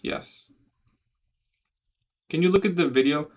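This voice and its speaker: A young man from Canada casually chatting on a trading livestream, answering viewer questions in a relaxed, slangy way. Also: medium pitch, unhurried. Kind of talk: casual livestream chat reading comments.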